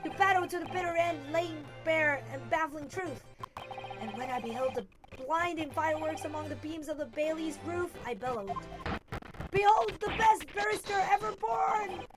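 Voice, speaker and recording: A woman voicing an excitable, nervous male scholar who gushes in tongue-twisting alliteration. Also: high-pitched, normal speed, close to an everyday voice, rough recording. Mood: anxious rambling. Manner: gushing, alliterative, overwrought. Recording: loud music underneath.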